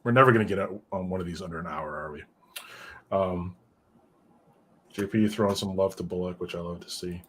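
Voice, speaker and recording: A man's voice: low voice, brisk, pauses often, fairly bright tone, a little hiss or hum. A man hosting a casual comic book discussion who rambles and drifts into side notes. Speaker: podcast host reviewing comics.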